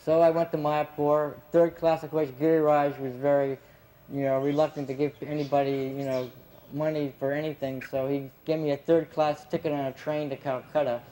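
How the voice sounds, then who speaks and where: A man's voice: on the high side, level tone, normal speed, mellow, low-quality recording. A man casually recounting stories from his years as a gardener, chatty and laughing often, with plenty of fillers. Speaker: devotee recalling his time as a gardener. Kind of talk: casual anecdotal storytelling.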